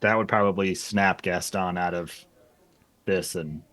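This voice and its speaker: A tabletop player with a lowish voice, describing his character in a loose way full of "like" and "just". It comes across as an offhand table chat. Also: fairly even intonation, a little slow, a bit bright. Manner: loose, filler-heavy. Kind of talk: narrating actions in a tabletop game.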